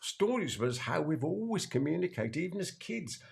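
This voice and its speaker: Older British male sales trainer, lively delivery with a gravelly edge, repeats key points for emphasis. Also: a little high. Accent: British English. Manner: emphatic, repeats key phrases slowly for effect; playful asides. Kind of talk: direct-to-camera teaching talk.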